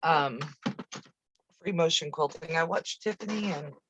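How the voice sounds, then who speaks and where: A woman's voice: low-pitched, measured pace, fairly bright tone, breathy edge, dull audio. A woman hosting a casual live quilting stream from her home sewing room, chatting in a rambling way with easy asides while she works, picked up by a camera on a video-call setup. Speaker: quilting channel host.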